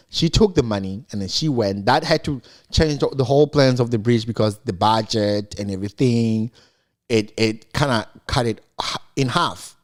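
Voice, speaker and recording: A man recapping a TV episode in casual, animated commentary, acting out the characters as he retells scenes. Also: mid-range voice, moderate pace. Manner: animated, mimics characters in quotes. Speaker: show recap host.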